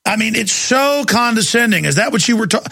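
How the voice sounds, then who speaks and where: A man's voice: sits high, lively intonation, a little fast, vocal fry, sharp tone, slightly rough, dry recording. A man hosting a talk radio show, ranting sarcastically and with emphasis.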